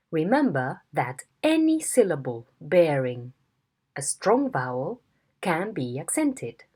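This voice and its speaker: A woman teaching a phonetics lesson in a slow, deliberate way, demonstrating tones. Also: lowish voice, a little mellow, slightly rough. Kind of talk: video lesson instruction.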